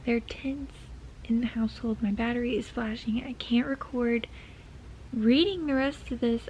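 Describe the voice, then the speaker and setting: A young woman chatting in a casual reading vlog from her bed, dramatic and gushing, often dropping into a hushed half-whisper. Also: a little high, fairly even intonation, normal speed, slight background noise, low-quality recording. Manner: dramatic, gushing, repeats herself. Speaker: book vlogger. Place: bedroom, in bed.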